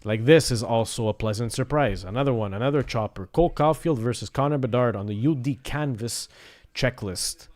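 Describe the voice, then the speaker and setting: A man's voice: medium pitch, a little fast, a little mellow. A man hosting a live sports card break, rattling off players and teams between upbeat asides. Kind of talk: live pack-opening commentary.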